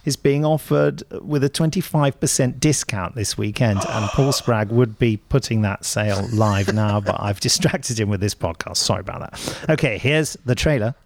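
A man's voice: lowish voice, moderate pace, few pauses, slight background noise. A man hosting a studio podcast in casual chat, joking and poking fun at himself. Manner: jokey, self-mocking, laughs often. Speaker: podcast host. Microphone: studio mic.

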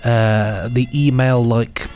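A man's voice: mid-range voice, steady tone, takes it slowly, darkish tone, soft background music. A man co-hosting a podcast, chatting casually in a jokey, rambling way and laughing often. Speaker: podcast co-host. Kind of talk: casual chat.

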